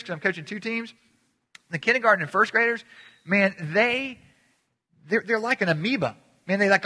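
A man preaching a sermon as pastor, animated and conversational, acting out little voices and often restarting his sentences. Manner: animated, acts out voices with sudden pitch jumps; halting restarts and repeated words. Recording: long hall reverb.

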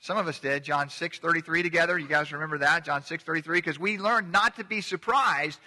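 A man's voice: fairly high pitch, a little fast, pushed and bright, big-room sound. A middle-aged man preaching a casual, joking sermon as pastor, drawing the congregation in to repeat words with him.

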